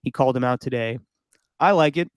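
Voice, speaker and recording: A podcast co-host with a medium-pitched voice talks briskly through casual sports chat, sharing strong opinions, laughing often, and doing mock impressions. The tone is clean and the recording dry.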